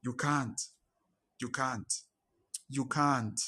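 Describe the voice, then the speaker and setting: A man preaching a sermon, emphatic and repetitive, dropping his voice low for dramatic points. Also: fairly even intonation, drawn-out words, bright, forceful tone, husky. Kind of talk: sermon with storytelling.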